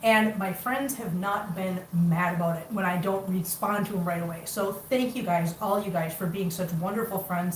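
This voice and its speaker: A woman's voice: medium pitch, roomy sound, distant mic, slight background noise, poor audio. A chatty middle-aged woman rambling casually to her livestream viewers while cooking in her home kitchen. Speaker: cat rescue vlogger.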